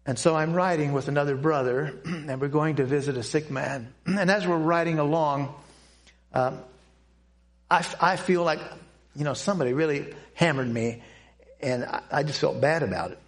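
Gravelly older man, earnest testimony. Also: fairly high pitch. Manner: earnest, halting, with frequent pauses and restarts. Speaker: Christian speaker giving a testimony. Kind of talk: personal testimony storytelling.

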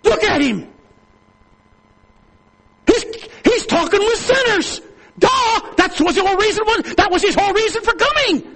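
A man preaching a sermon to a congregation, calling for amens, swinging between loud high exhortation and low hushed storytelling. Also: expressive, normal speed, pauses often. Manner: calls for amens, reads aloud to the congregation.

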